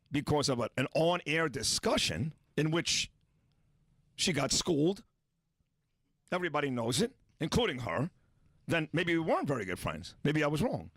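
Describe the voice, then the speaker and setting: A man's voice: on the high side, a bit bright, slightly rough, no room sound, studio quality. A man hosting a sports talk radio show, talking bluntly and boastfully about a feud with another host.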